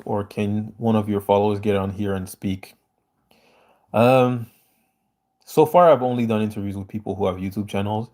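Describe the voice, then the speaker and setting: A man's voice: fairly low pitch, dark tone. A man hosting a casual livestream, reading viewer comments aloud and answering them in an earnest, emphatic way.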